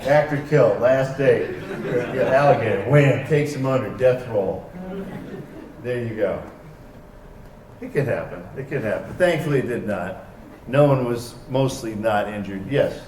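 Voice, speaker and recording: A man on a convention stage telling wry, animated anecdotes to a live audience, acting out the dialogue in them. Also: medium pitch, moderate pace, pauses often, slight background noise. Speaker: convention panel guest. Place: large convention arena stage. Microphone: heard from far off by a camera in the hall. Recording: echoey hall recorded from far off.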